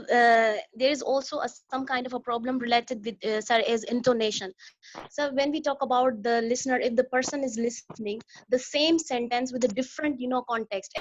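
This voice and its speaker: A woman's voice: high voice, dry recording. A woman, a student asking questions hesitantly and often addressing the teacher as sir. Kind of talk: classroom question. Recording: dry, muffled lo-fi recording.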